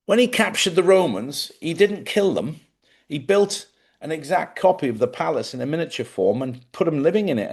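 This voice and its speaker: Chatty, rambling man hosting a livestream. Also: mid-range voice. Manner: jokey, chatty, wanders off topic. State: sleepy. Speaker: host of a live show. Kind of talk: rambling casual livestream chat. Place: small studio.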